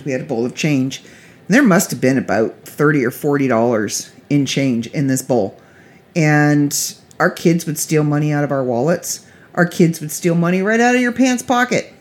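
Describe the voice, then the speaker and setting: A woman's voice: low voice, normal speed, darkish tone. Middle-aged woman, casual vlog storyteller, chatty and rambling, restarts often.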